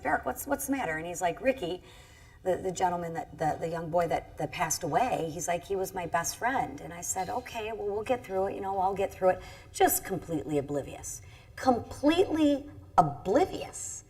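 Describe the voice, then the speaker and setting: Husky, low-voiced woman, earnest and halting. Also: darkish tone. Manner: earnest, halting, many restarts. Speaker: congresswoman on a panel. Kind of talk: personal story at a panel discussion. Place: event stage.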